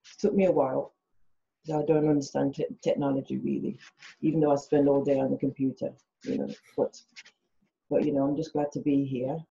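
Woman w/ english accent, dark gravelly voice, dull lo-fi video call audio, soft and hesitant. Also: a bass voice, level tone, fairly quick. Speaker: relative on a family call. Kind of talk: casual remarks on a video call. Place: home late at night.

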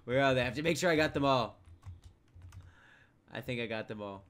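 A young man giving casual commentary over a game he plays, mumbling to himself one moment and shouting the next. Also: medium pitch, a little fast, pauses often. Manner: excitable, jumps from mumbling to loud outbursts. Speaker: gameplay commentator. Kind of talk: casual let's play commentary.

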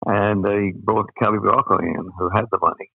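A man's voice: on the low side, fairly even intonation, fairly quick, gravelly, husky, dry recording, phone-quality sound. An older Australian man telling rambling anecdotes as an interview guest, full of fillers. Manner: rambling, with many uh fillers and laughs. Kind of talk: anecdotal storytelling.

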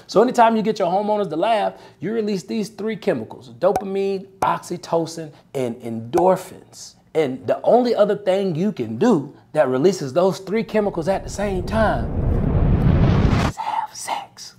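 Animated high-voiced sales coach. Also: male voice, normal speed, few pauses, slight background noise. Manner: animated, punchy, preacher-like emphasis with frequent "right?". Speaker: sales coach and podcast host. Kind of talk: motivational sales coaching talk.

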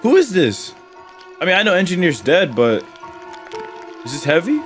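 Excitable high-voiced man yelling at the screen. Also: normal speed, long pauses, faint music behind. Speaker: gaming reaction host. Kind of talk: live reaction commentary.

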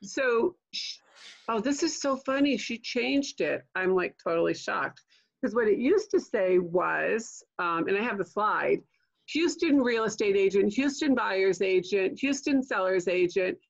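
Older lady coaching on a video call, chatty, gravelly voice, kinda dull lo-fi audio. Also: medium pitch, lively intonation, a little slow. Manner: chatty, keeps asking "okay?" and "right?"; jokey asides. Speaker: LinkedIn trainer. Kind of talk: online training webinar.

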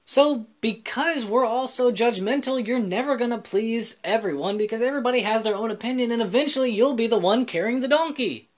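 Joking, chatty man vlogging about faith. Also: very high voice. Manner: joking, chatty, self-deprecating asides; explains scripture in plain words. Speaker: Christian vlogger. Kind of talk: casual faith vlog talk.

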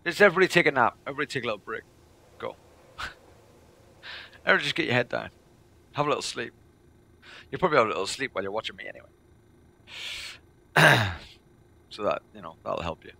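Male streamer, gravelly and bright, rambling chat with viewers. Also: mid-range voice, lively intonation, fairly quick, pauses often. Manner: rambling, chatty, repeats himself. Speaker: game streamer.

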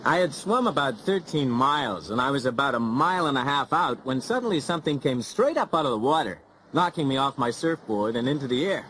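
A man's voice: medium pitch, expressive, fairly quick, few pauses, fairly bright tone, a little hiss or hum, rough recording. A man who is a lifeguard, recounting an event in a dramatic scripted narration.

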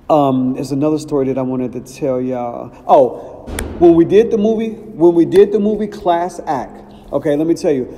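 A middle-aged man from Ohio telling casual stories as a podcast host, animated and acting out quotes. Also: a little high. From Cincinnati, Ohio. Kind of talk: casual storytelling. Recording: long reverb, faint background noise.

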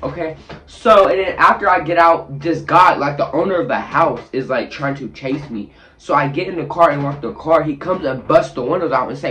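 A man with a slightly high voice tells a wild story as a vlogger. He acts out every scene with sound effects and quick voice changes. He sits in his bathroom as he talks. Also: a bit bright. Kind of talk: animated storytelling. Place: bathroom, sitting on the toilet.

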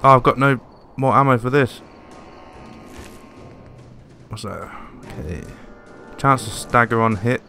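Sweary, excitable gaming commentator man. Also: medium pitch, normal speed. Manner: sweary, excitable, yelps during fights. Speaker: gaming video host. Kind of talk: let's play commentary. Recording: voice over game audio with music.

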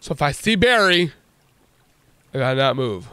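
Let's-play host, man, slightly high voice, excitable and jokey, dry close sound. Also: normal speed, smooth, dry recording. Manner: excitable, jokey, exclaims and laughs often. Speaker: gaming channel host.

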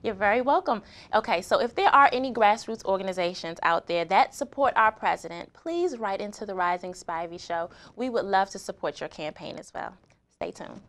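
A woman hosts a talk show, asking questions and thanking her guest politely. Her voice sits at a middle pitch for a woman. She keeps an affirming, courteous manner. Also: lively intonation, brisk, a bit bright. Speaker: host.

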